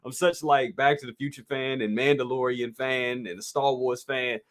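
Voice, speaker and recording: In a steady, mid-range voice at normal speed, a man hosts a live toy review stream, chatting casually and reading out what viewers comment. He addresses them directly, laughs easily and repeats himself often.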